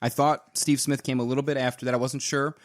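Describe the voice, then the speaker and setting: Relaxed man chatting about sports picks. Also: medium pitch, fast. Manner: relaxed, enthusiastic, trails off with fillers. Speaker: co-host. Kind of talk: casual sports chat.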